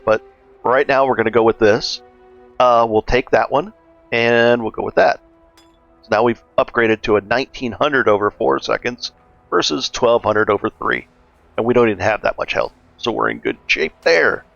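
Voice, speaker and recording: A man with a gravelly, fry-tinged voice walks through his game in a relaxed, chatty way, thinking aloud as he goes. His desk mic sounds a little dull, with faint music playing underneath. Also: medium pitch, moderate pace. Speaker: gaming guide host. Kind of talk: casual gameplay walkthrough.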